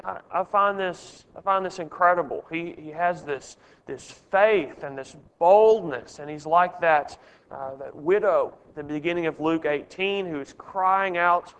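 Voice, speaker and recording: A man's voice: sits high, fairly bright tone, clear, resonant tone, in a large hall. Earnest man leading a Bible study. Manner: earnest, asks the group questions.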